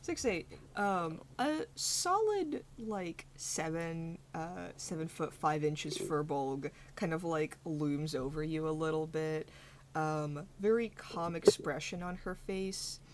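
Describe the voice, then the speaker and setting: A woman's voice: sits low, slow, a little hiss or hum. A young woman narrating a tabletop game as game master, rambling with lots of fillers.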